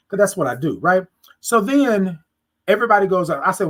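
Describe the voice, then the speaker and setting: Animated woman host telling a story. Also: on the low side, a little fast. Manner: animated, acts out both sides of conversations; talks straight to listeners, repeats phrases for emphasis. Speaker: podcast host. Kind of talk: casual storytelling monologue.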